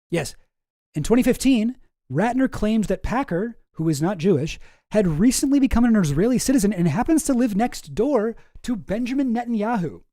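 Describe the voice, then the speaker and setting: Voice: medium pitch, dark tone, dry recording, clean studio sound. A streamer giving casual commentary in a rambling, profane way, often breaking off mid-sentence and sometimes sarcastic. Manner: rambling, profane, self-interrupting.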